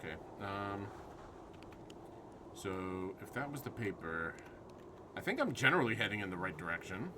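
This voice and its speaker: A man's voice: fairly low pitch, sing-song, moderate pace, pauses often, background noise. A man streaming a horror game live, jumpy and swearing at scares while chatting with his viewers.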